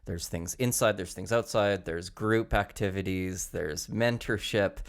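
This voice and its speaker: A man hosts a podcast and asks a guest about her work in a measured manner. His voice is very deep. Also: clean tone. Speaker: podcast host. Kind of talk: interview questions.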